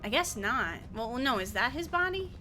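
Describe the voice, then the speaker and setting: A woman's voice: a little high, sing-song, normal speed, pushed and bright, slight background noise. A young woman streamer giving chatty, giggly game commentary, swearing freely.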